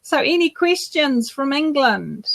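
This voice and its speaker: A woman from New Zealand co-hosts a relaxed live Q&A. Her voice sits a little high, and she rambles warmly through fillers and restarts. The sound is dry and close. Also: a little slow, gravelly, no room sound. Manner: chatty, many fillers and restarts. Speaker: podcast co-host. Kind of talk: casual live Q&A chat.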